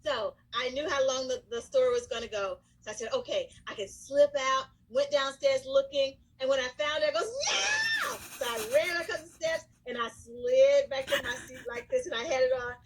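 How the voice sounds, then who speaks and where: A middle-aged woman, a school counselor, casually telling a lively story to the camera. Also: high-pitched, brisk, few pauses, rough recording. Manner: animated, lively storyteller who breaks into excited shouts and acts out quotes.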